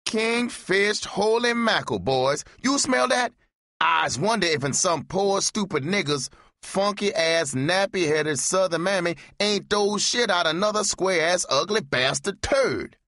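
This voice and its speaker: A man's voice: sits high, lively intonation, measured pace, bright, forceful tone, no room sound, studio quality, pitched above the performer's own voice, full character voice. A man voicing a cocky young male street hustler with brash, slick patter. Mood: mocking.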